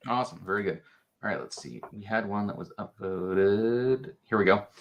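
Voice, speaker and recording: A man's voice: on the low side, normal speed, muffled recording, slight background noise. A man hosting a Q&A, briefly reading audience questions aloud.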